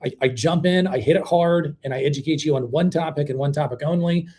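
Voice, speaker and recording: A man hosting a live stream about mobile homes, talking casually in a blunt, animated way with many fillers and restarts. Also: fairly high pitch, brisk. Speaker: host of a mobile home channel.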